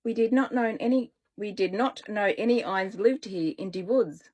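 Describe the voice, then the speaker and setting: A woman voicing a young teenage boy with a put-on German accent who speaks in an earnest, halting way. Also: mid-range voice, darkish tone, lightly acted.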